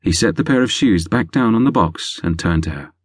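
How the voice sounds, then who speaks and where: A man reading a romance audiobook in scripted narration, wry and lively. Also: low-pitched, a little fast, slightly rough, no room sound.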